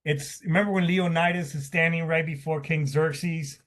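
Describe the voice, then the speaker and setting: A man's voice: on the high side, fairly even intonation, fairly bright tone. A middle-aged man, a military veteran, telling his personal story in an interview. He speaks candidly and with raw emotion, often stopping and repeating words. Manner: halting, with many restarts and repeated words.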